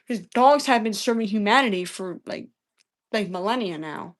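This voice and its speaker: A woman's voice: on the high side, normal speed. Profane, combative woman arguing with chat. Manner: repeats phrases over and over. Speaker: livestream debater. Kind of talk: heated livestream argument with chat.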